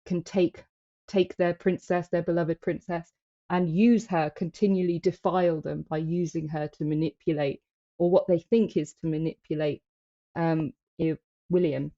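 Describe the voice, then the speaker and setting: A woman's voice: on the low side, fairly even intonation, moderate pace, mellow. Thoughtful woman on dull lo-fi audio. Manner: thoughtful, hesitant with fillers. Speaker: podcast co-host. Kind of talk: casual discussion.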